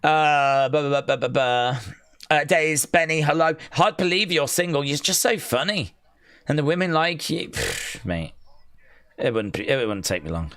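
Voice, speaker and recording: A man giving excitable, jokey play-by-play on a live wrestling watch-along and reading viewer comments aloud. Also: fairly high pitch, moderate pace, clean tone, dry recording.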